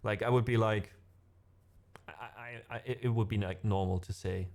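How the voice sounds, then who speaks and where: Man, German accent, middle-aged, lowish voice, rambling casual stream chat, lots of "like". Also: steady tone, moderate pace, darkish tone. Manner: chatty, rambling, many "like" fillers and laughs. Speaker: musician streamer.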